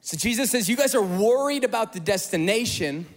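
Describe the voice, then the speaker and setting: Male pastor, sermon delivery, high pitch, dramatic loud-soft swings, long hall reverb. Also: fairly quick. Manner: animated, acts out quoted voices with sudden loud bursts and hushed drops.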